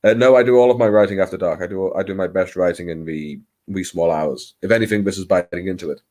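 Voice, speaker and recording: A man's voice: deep voice, fast talker, a little mellow. A man hosting a late-night livestream, chatting casually in a rambling, self-deprecating way with many hesitations, talking into his computer mic at home. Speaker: livestream host.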